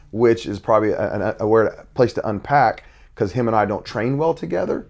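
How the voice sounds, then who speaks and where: A man's voice: lowish voice, expressive, fairly quick, gravelly, darkish tone. A man talking as a podcast guest about being a father and youth coach, earnest and reflective, often restarting his sentences. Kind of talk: podcast conversation.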